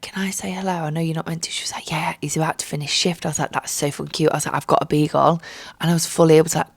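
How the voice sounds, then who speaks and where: A woman's voice: sits low, no echo. A young woman with a stuffy cold, tired and jet-lagged, chatting from her bed in a sweary, jokey way. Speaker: podcast host. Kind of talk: casual chat. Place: bedroom.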